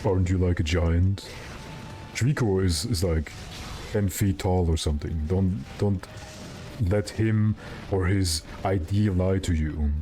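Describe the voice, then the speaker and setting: Young guy streaming, low mellow voice, rambly chat with viewers, little bit of music behind. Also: takes it slowly. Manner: rambling, joking, answers chat. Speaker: game streamer.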